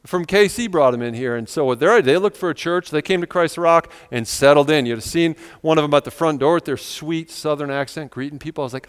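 Pastor preaching in an echoing hall. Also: male voice, a little high, fairly quick, hardly any pauses, smooth. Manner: conversational, earnest, with rhetorical questions. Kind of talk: sermon. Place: church sanctuary.

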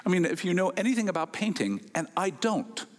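Man, storytelling talk with a lesson, wry, rhetorical questions, lively pitch, long hall echo. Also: fairly quick. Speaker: speaker addressing an audience.

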